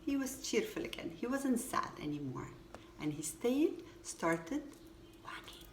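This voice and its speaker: A woman reading a children's storybook aloud, lively and expressive. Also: a little high, measured pace. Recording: echoey room with faint ambient noise.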